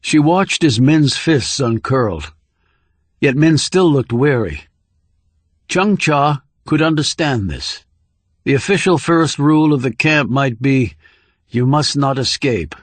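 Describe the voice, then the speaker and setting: A man narrating a thriller audiobook in a measured, steady storytelling voice on a close studio microphone. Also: on the high side, no echo.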